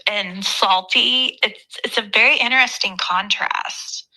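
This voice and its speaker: A woman's voice: mid-range voice, a little slow, bright, forceful tone, low-quality recording. A woman co-hosting a casual live stream chat, talking in an opinionated, chatty way that trails off.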